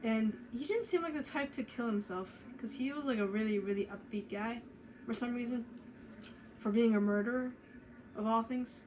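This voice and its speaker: Young woman, let's play commentary, rambling, fillers, higher pitch. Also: normal speed, darkish tone, slight background noise, poor audio. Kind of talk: casual game commentary.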